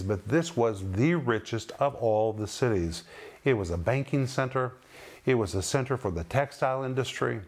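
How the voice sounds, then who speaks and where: Guy preaching bible teaching, emphatic, stretches out key words, mid pitch. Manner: emphatic, lingers on key words with dramatic pauses. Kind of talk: sermon-style Bible teaching.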